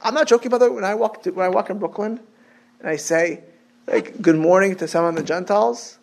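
A man's voice: high voice, fairly quick, gravelly, darkish tone. A man giving an informal Torah class, chatty and repetitive, dropping in Hebrew and Yiddish terms.

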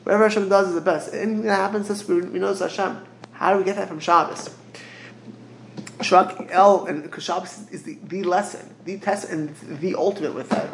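Gravelly-voiced rabbi giving a Torah lecture. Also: male voice, high voice, steady tone, normal speed, echoey room, a little hiss or hum, rough recording. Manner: mixes Hebrew phrases into English, repeats words while searching.

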